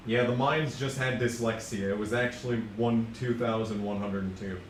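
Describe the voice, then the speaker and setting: A man's voice: medium pitch, steady tone, normal speed. A young man streaming a racing game, ranting and joking with sarcastic, profane asides. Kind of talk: casual gaming commentary. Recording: echoey room, distant mic, faint noise.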